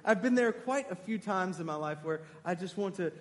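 A man preaching a sermon, animated and emphatic, putting questions to his congregation. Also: high-pitched, a little fast, long reverb tail.

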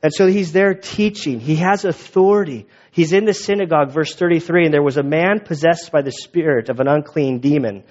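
Casual fast-talking male pastor. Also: fairly high pitch, darkish tone, highs cut off. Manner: casual, quick, conversational with restarts. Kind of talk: sermon.

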